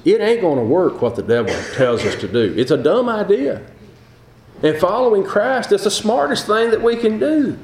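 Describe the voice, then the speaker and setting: Older man, raised-pitch voice, folksy conversational sermon, echoey room. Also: a little mellow, a little hiss or hum. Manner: folksy, conversational preaching with rhetorical questions. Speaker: preacher.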